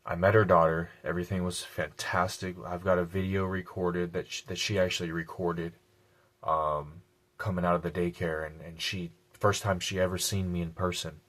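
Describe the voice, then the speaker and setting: His voice is deep and a bit bright, delivered in a level tone at a moderate pace. He shares a personal story on his vlog bluntly, with some profanity and casual slang, repeating key lines for emphasis.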